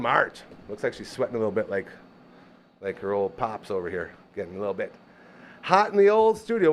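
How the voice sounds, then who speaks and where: An upbeat man hosting a live show from a small studio, his voice swinging widely in pitch. He reads a sponsor spot with playful asides and jokes. He sounds like an animated, enthusiastic pitchman. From Canada. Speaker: host. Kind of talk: live show ad read and chat.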